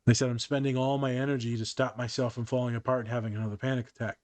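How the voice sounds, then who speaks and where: Rapid-fire delivery in a mid-range voice, with no echo, marks this casual podcast host. A therapist by trade, he tells animated stories from his office and plays out the quoted exchanges.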